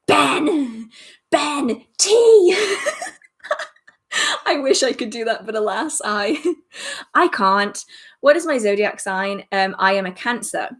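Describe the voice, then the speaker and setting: A young English woman hosting a casual livestream Q&A, chatty and self-deprecating, laughing often, filmed under bright lights at home. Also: mid-range voice, lively intonation, a little slow. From England. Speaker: witchcraft livestream host.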